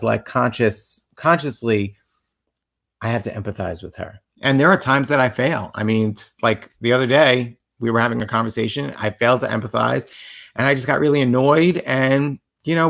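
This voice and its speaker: The relationship livestream's co-host speaks at medium pitch, his voice creaky and fairly bright. His casual talk is earnest and reflective, heavy with fillers.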